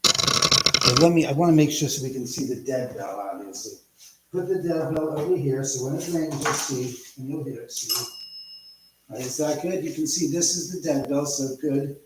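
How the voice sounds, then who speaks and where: A man's voice: medium pitch, moderate pace, noisy background. Male livestream host, casual and chatty, middle voice, echoey home room. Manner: rambling, chatty, greets viewers by name. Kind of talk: casual live chat with viewers.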